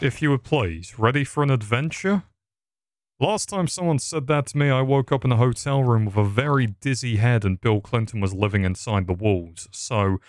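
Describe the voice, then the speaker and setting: A young man doing casual, crude Minecraft commentary, rambling with dark jokes and heavy swearing. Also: mid-range voice, no echo, studio quality. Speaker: gaming YouTuber.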